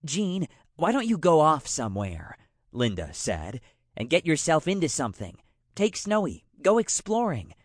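A calm, dryly witty woman, as a male narrator plays her speaks in a raised, lightly teasing voice that rises and falls freely. The audiobook recording is dry and close. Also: on the high side, normal speed, no echo, pitched above the performer's own voice. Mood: coaxing.

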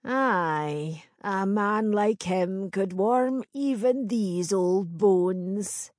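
A woman voicing a wise old crone with the sight, speaking in a slow, knowing, archaic way. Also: medium pitch, a little mellow, no echo, clean studio sound. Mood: cryptic. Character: wise old female crone seer, cryptic.

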